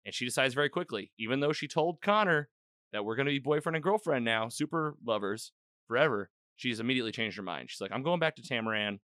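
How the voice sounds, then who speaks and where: Male host, casual recap chat; bright, crisp tone, dry studio sound. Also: mid-range voice, fast, no echo. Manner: rambling, animated retelling with quoted lines. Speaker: podcast host.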